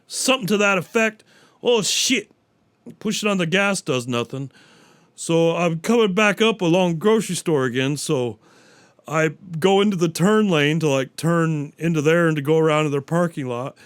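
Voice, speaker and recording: A man's voice: a little high, moderate pace, clear, resonant tone. A man hosting a solo podcast, rambling through stories and jokes with plenty of swearing. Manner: profane, rambling storyteller. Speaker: podcast host.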